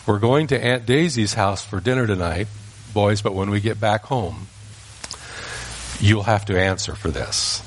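A man's voice: fairly low pitch, a little slow, a little hiss or hum, natural voice. A man voicing a stern rural father who scolds his boys with controlled anger. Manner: controlled, angry folksy scolding.

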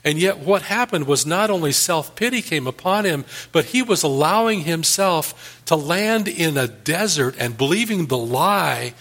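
A man's voice: a little high, lively intonation, measured pace, hardly any pauses, fairly bright tone. A male pastor preaching a Bible-study sermon and leading an earnest closing prayer.

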